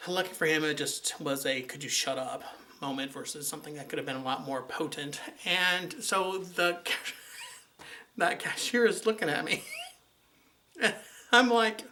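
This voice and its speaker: A man recounts a run-in with his ex in a loose, chatty vlog style. His voice is bright and forceful, sitting a little high, and his storytelling turns exasperated and sarcastic. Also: normal speed. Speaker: vlogger. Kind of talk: casual storytelling to camera.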